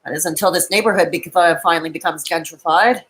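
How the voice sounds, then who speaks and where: A woman's voice: fairly low pitch, fast talker, fairly bright tone, low-quality recording. A woman on a live stream, talking to her chat in a rambling, distraught way, tearful at times, with bitter laughs between thoughts. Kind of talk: emotional live-stream monologue.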